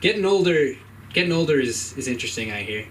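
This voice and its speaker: A man's voice: fairly high pitch, expressive, fast talker, fairly bright tone. Young male comic, laid-back and rambling; captured from a distance with light club noise. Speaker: stand-up comic. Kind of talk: open-mic stand-up. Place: comedy club. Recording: distant mic, faint room noise.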